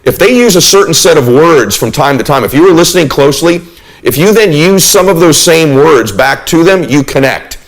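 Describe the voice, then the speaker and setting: A middle-aged man giving a motivational talk, earnest and emphatic, often slowing down or speeding up and changing his volume to make a point. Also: fairly high pitch, expressive, poor audio. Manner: earnest, emphatic, shifts pace and volume to demonstrate. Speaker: motivational speaker.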